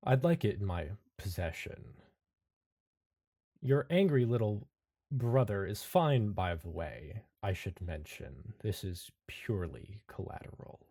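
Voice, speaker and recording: A man voicing a huge, centuries-old man who speaks quietly and calmly, with a measured, menacing manner. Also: on the low side, exaggerated voice.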